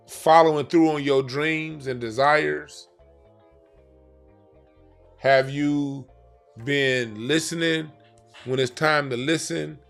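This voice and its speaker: A man's voice: medium pitch, gravelly, a bit bright. Emphatic slangy man explaining cards. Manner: emphatic, repetitive, slangy, restarts phrases. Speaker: card reader. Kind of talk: casual explainer monologue.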